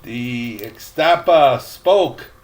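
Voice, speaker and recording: A man's voice: mid-range voice, expressive, very slow. An older man reading a chapter book aloud, rambling with chatty asides and many fillers. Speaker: storyteller.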